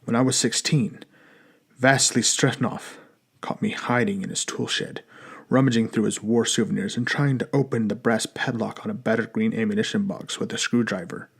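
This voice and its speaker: A man narrating an audiobook in a measured, even storytelling manner. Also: lowish voice, gravelly, breathy edge.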